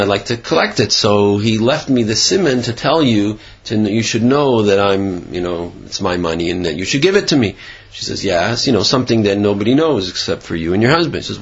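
A man's voice: fairly low pitch, a bit bright, slightly rough. A man giving an informal Torah class, rambling and chatty, acting out the characters' dialogue as he tells a story. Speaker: Torah teacher. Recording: dull lo-fi recording.

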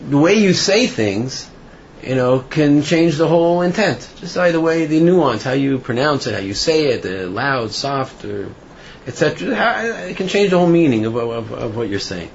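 A man's voice: a little high, expressive, normal speed, gravelly. A man teaching an informal Torah class, talking in a chatty storytelling way with fillers. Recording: dull lo-fi recording with faint noise.

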